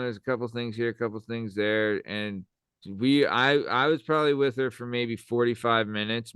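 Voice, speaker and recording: A man in his thirties chats loosely on a podcast, cursing freely as he reads listener comments. His voice comes through very crisp and clean, recorded dry and close to the mic. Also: on the low side, fairly bright tone, dry recording. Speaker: podcast co-host. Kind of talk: casual podcast chat.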